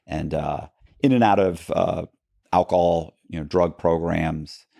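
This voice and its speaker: Interview guest, male, low gravelly voice, rambling storyteller who keeps restarting sentences. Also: fairly even intonation, a little slow, warm tone, no room sound, studio quality. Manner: rambling, many restarts and asides, acts out quoted people. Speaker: podcast guest. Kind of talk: casual storytelling in a long-form interview.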